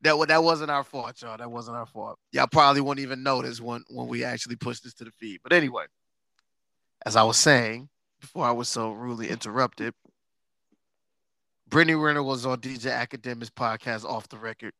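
A man hosting a podcast in casual chat, sarcastic and quick to laugh, stretching words for emphasis. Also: mid-range voice, steady tone, creaky, sharp tone, dry recording. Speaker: podcast host.

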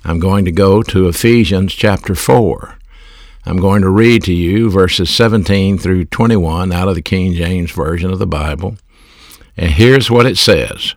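A man preaching a verse-by-verse sermon, deliberately explaining the Greek meaning of words with measured emphasis. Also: low-pitched, no echo, clean studio sound.

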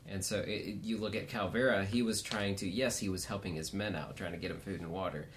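A man's voice: low-pitched, fairly even intonation, quick pace, a little hiss or hum. A man in a casual podcast discussion, talking thoughtfully and searching for his words.

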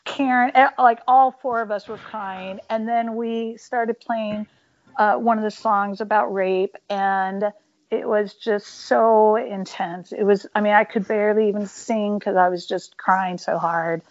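A woman's voice: medium pitch, fairly even intonation, a little slow. A woman musician telling stories candidly and emphatically in a casual interview, with many fillers. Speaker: punk band musician, interview guest. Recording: dull lo-fi audio.

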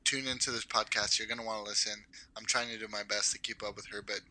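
A man's voice: fairly low pitch, flat delivery, quick pace, pushed and bright, poor audio. A young man, a podcast guest, joking around and hyping up the host. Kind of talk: casual chat.

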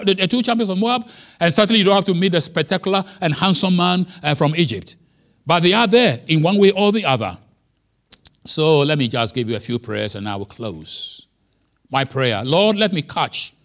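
A man preaching a sermon as pastor, emphatic, with wide swings in pitch and loudness. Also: animated, normal speed.

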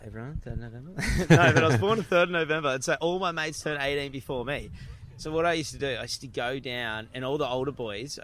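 A young Australian man hosting a podcast, telling stories in lively casual chat with frequent laughter. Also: medium pitch, a little hiss or hum. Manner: animated storyteller, laughing often. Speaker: podcast host.

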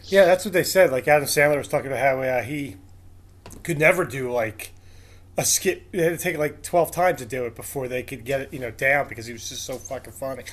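A man's voice: medium pitch, fairly quick. A man hosting a podcast, casually asking his co-host questions. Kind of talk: casual chat.

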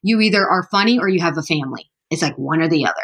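A woman in her thirties chats as a podcast guest, her voice sitting a little low. She rambles in an upbeat, candid way and peppers her sentences with "like" and "you know". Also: expressive, racing, a bit bright, slightly rough. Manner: chatty, upbeat, heavy use of "like". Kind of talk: casual interview chat.

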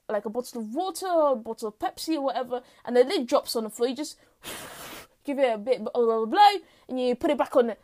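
A woman's voice: high-pitched, darkish tone. A teenage girl hosts her own podcast from home, rambling off the cuff in a playfully dramatic way and sounding tired. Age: teens. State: tired, lightheaded. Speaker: podcast host. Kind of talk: unscripted casual monologue. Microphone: home mic.

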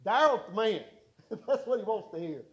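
A man's voice: sits high, lively intonation, normal speed, fairly bright tone, muffled recording. A man preaching a sermon, telling folksy stories and repeating his points for emphasis. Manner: folksy storytelling with emphatic repetition.

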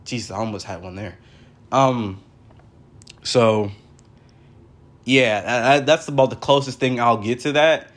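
A man's voice: medium pitch, unhurried. A young man hosting a casual solo podcast from his brother's house, rambling with lots of fillers. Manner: rambling, many fillers like "like" and "for real". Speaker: podcast host.

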